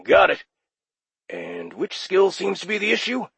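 A man doing a raspy, gravelly demon operator. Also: sits high, a little slow, a bit bright, no echo, voice pushed up, full character voice. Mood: chummy. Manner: chummy, breezy customer-service patter. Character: friendly raspy male demon phone operator. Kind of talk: audiobook character voice.

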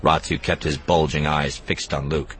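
A man narrating an audiobook in an expressive, even storytelling manner. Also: very deep voice, normal speed, slight background noise. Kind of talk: scripted narration.

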